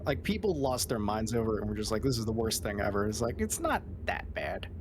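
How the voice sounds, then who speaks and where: A man's voice: fairly low pitch, very animated, brisk, background noise. A man chatting casually on a game stream, chuckling often and patiently explaining puzzles. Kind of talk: casual gaming chat.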